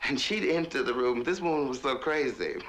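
A man's voice: mid-range voice, a little fast, fairly bright tone. A man telling stories in a monologue, laughing often in a mocking, theatrical way as he is filmed for a documentary. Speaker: documentary subject. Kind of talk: storytelling monologue.

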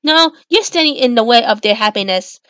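A woman's voice: a little high, animated, a little fast, a bit bright, dry recording, studio quality. A woman reading the lines of a pushy, scheming teenage girl in a story game, in a harsh, accusing way.

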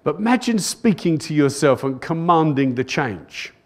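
A man's voice: fairly high pitch, very animated, moderate pace. Older man preaching a rousing sermon. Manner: rousing preaching, repeated calls of "Amen?" to the congregation; emphatic repetition of phrases. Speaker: pastor. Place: church service, recorded live.

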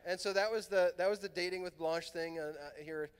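A middle-aged man from Southern California telling a lively personal story at a youth conference, acting out the voices in his dialogue. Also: high-pitched, brisk, clean tone. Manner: animated, acts out quoted dialogue. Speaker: priest and conference speaker. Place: large fieldhouse hall. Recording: long hall reverb.

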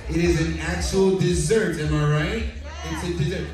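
A man working as cruise director, hosting a chatty, joking trivia warm-up for a theater audience. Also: high-pitched, fairly even intonation, normal speed, over music. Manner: upbeat, chatty, joking with the crowd. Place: large ship theater stage. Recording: distant, echoey theater PA recording. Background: audience crowd reacting.

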